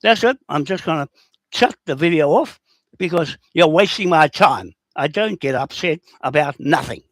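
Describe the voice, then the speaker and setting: Combative New man, lively high voice. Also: normal speed, dry recording. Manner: rough, confrontational, repeats himself. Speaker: livestream host answering comments. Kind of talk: rambling, combative livestream talk.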